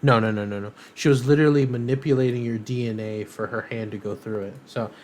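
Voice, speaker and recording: A man's voice: medium pitch, fairly even intonation, fast, a little mellow. A man co-hosting a podcast, chatting casually and rambling with lots of ums and uhs. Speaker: podcast co-host. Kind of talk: casual chat.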